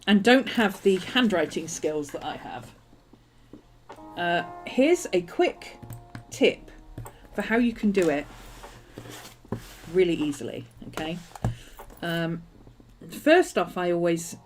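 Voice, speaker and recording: Chatty woman, lively crafting chat. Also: on the low side. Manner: chatty, rambling, self-amused. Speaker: planner and journaling channel host.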